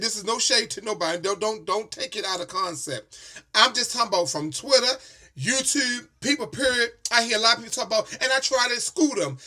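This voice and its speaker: A man's voice: extremely high pitch, bright, forceful tone. A man telling a story in a sassy, emphatic rant full of swearing. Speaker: vlogger.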